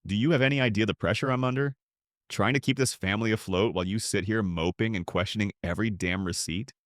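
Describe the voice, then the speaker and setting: A man's voice: lowish voice, quick pace, no echo, clean studio sound, natural voice. An older man voicing an arrogant, cruel husband who sneers and gets defensive. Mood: sneering.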